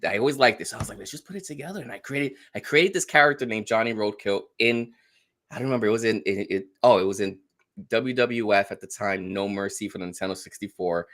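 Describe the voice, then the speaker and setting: A man's voice: on the low side, brisk, a bit bright. A middle-aged man from the Bronx with a New York accent, a guest chatting bluntly and straightforwardly in an interview, laughing often. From the Bronx, New York City. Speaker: guest streamer. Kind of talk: casual interview chat.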